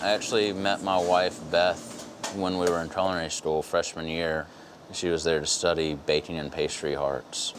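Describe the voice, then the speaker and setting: Very deep, flat-voiced man. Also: normal speed, noisy background. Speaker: restaurant owner and chef.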